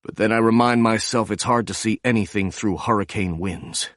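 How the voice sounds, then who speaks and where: A man's voice: fairly low pitch, moderate pace, a bit bright, no echo, clean studio sound, natural voice. A man voicing a stubborn, weary former agent, blunt and brooding.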